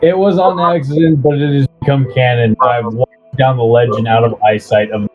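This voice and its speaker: A man playing a character in an online tabletop game, speaking haltingly and casually. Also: medium pitch, steady tone, phone-quality sound, over music. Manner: halting, hesitant speech. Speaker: player.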